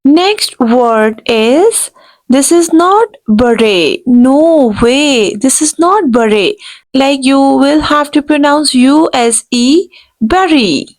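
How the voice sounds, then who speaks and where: Speaking slowly in a high-pitched voice, a woman runs a video pronunciation lesson where she repeats every word many times and firmly corrects errors, saying "no" repeatedly. The audio is poor.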